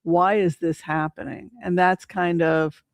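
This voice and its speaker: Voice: medium pitch, steady tone, a little slow, no echo. Rambling tarot reader, dry sound. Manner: rambling, hesitant, many fillers and restarts. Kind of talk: casual livestream commentary with tarot reading.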